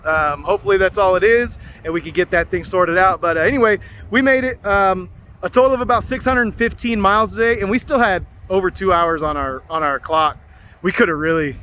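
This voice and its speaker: High-voiced trucker man over road noise. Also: bright, forceful tone. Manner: rambling, easygoing, peppered with "man" and "bro". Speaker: truck driver vlogger. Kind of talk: casual video diary. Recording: vehicle noise behind the voice.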